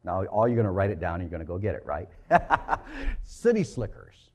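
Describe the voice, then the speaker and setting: A male preacher delivering a sermon, telling a story with big swings between loud and hushed. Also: low voice, big pitch swings, a little fast.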